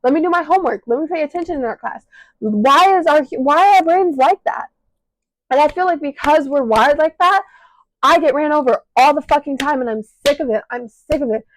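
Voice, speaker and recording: A woman's voice: sits high, a little fast, slight background noise, rough recording. A teenage girl with a Chicago accent venting through a raw, emotional monologue, short of breath and choked up, swearing, recorded on a clip-on mic on her shirt. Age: teens. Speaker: podcast host. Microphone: clip-on mic attached to shirt.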